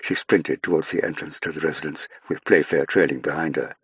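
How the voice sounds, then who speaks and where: A man narrating an audiobook in a measured, even storytelling manner. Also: a bass voice, slightly rough. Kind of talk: scripted narration.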